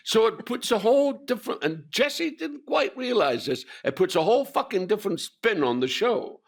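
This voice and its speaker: A man's voice: sits high, very animated, normal speed, gravelly. An older man, an actor being interviewed, telling stories with lots of swearing and acted-out voices. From Scotland. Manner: swears freely, acts out quoted voices. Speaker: actor guest. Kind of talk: animated anecdotal interview.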